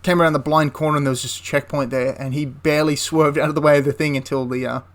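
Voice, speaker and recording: Rambling male history storyteller, higher voice. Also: steady tone, fast. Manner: rambling, with frequent restarts and asides. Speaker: history channel host.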